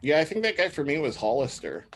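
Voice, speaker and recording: A man's voice: a little high, wildly swooping pitch, fast talker. A man in his thirties hosting a podcast, chatting casually and rambling with many fillers. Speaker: podcast host. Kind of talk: casual chat.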